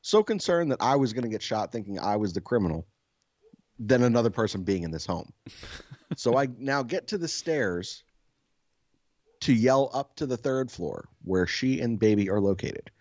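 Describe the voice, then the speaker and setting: A self-described soft-spoken man, a podcast co-host, telling a story casually, swearing freely and laughing often. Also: mid-range voice, lively intonation, moderate pace, no room sound, highs cut off.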